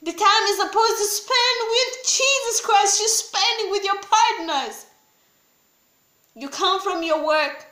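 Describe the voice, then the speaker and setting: A woman preaching a sermon, emphatic and repetitive, swinging between loud pleading and low grave warnings. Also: slow pace, reverberant.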